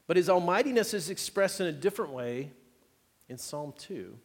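A man's voice: high voice, lively intonation, moderate pace, big-room sound. A man preaching a sermon as pastor, in a conversational style with light humor and frequent rhetorical checks to the congregation.

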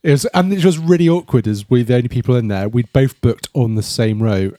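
A man's voice: mid-range voice, fairly quick, dark tone, no room sound, clean studio sound. A man chatting casually as a podcast co-host reviewing a film, rambling and restarting his sentences.

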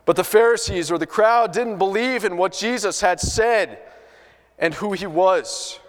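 A man's voice: high voice, a little slow, big-room sound. A man preaching a sermon, telling a story in an earnest way with many restarts. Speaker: pastor.

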